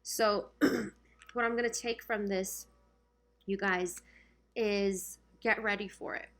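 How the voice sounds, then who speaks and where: A woman's voice: mid-range voice, steady tone, slow, a bit bright. A woman giving a casual spiritual tarot reading to her viewers, talking chattily and checking in often, her voice getting worn. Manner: chatty, keeps checking in with "okay?". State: losing her voice. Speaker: tarot reader.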